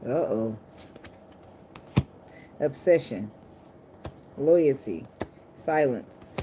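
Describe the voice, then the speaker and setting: A woman's voice: rumbling low, expressive, drawn-out words, dark tone. A woman giving a casual tarot reading to camera, blunt, profane and joking, indoors at night under a ring light. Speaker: tarot reader. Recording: clear background noise of clicks and shuffling cards.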